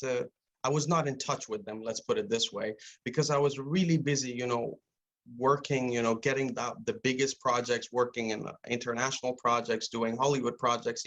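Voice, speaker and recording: A young man from Afghanistan, an actor answering interview questions over a video call, often restarting his sentences and filling with "you know". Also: medium pitch. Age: young adult. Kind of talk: remote interview, casual conversation.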